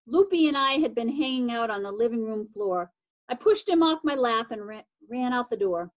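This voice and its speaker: High-voiced woman reading a chapter book. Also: expressive, normal speed, rough recording. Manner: casual, with occasional slips and restarts. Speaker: reader.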